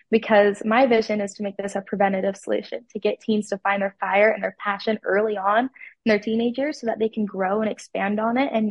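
A woman's voice: mid-range voice, vocal fry, no echo. A teenage girl from Utah, a pageant titleholder, telling her story with enthusiasm in a casual interview. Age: teens.

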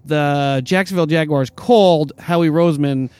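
A man hosting a sports talk show, who reads out news reports briskly and then turns to banter with his co-hosts. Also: fairly high pitch, darkish tone, smooth, no echo. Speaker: podcast host.

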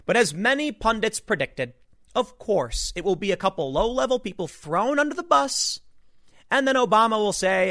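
A man hosting a solo political commentary show, talking in an animated, emphatic way with rhetorical asides. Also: sits high, moderate pace, no echo, clean studio sound.

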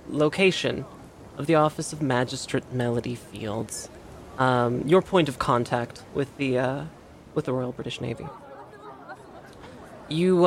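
Slow gravelly guy narrating as GM, lots of ums and uhs. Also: medium pitch, slight background noise. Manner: halting, with many fillers. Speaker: game master. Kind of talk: narrating a tabletop game.

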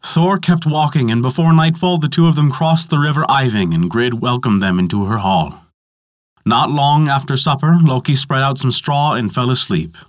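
A man narrating a mythology story in a measured, dramatic storytelling manner. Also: medium pitch, dry recording, studio quality.

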